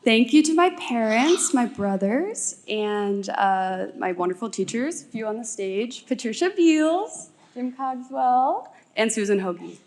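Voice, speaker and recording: A young woman graduate softly listing her thanks. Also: a little high, lively intonation, measured pace, a little hiss or hum. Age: young adult. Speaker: graduating student.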